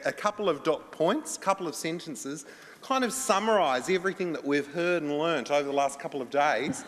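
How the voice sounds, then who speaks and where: A man's voice: a little high, a bit bright, a little hiss or hum. A man moderating a conference panel in an upbeat, playful way. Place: large conference hall. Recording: long hall reverb.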